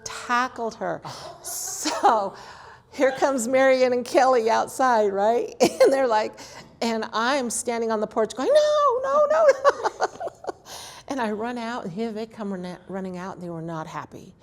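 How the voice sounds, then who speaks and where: Woman, sixties, oral history interviewee, animated storyteller who acts out quotes. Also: on the high side, a little slow. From Colorado, USA.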